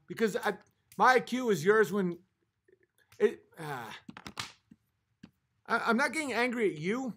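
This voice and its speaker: A man's voice: sits high, lively intonation, unhurried, long pauses, pushed and bright. A man hosting a livestream, arguing with his chat in a profane, exasperated rant, a little tipsy from a few drinks. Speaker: livestream host reading chat.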